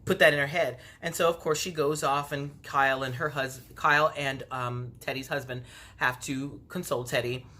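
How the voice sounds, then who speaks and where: Bright-voiced chatty gossiping woman. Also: extremely low pitch, normal speed. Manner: chatty, gossipy, animated retelling; acts out quotes in exaggerated voices. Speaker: reality TV recapper. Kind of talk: casual review vlog.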